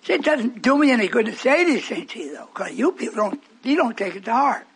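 Scolding preacher in his eighties, high bright voice. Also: sing-song, fairly quick, breathy edge. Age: 80s. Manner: scolding, rambling, shouting at the congregation. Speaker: pastor. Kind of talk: sermon.

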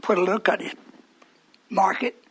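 A man's voice: high-pitched, level tone, normal speed, fairly bright tone. An older man preaching a fervent, rambling radio sermon to his congregation in a church hall, breaking off into stories.

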